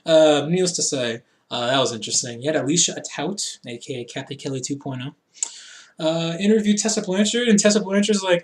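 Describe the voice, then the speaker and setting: A man's voice: fairly high pitch, fairly quick. Rambling, jokey young man. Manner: rambling, jokey, acts out quotes in silly voices. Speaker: wrestling show reviewer. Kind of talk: casual solo recap.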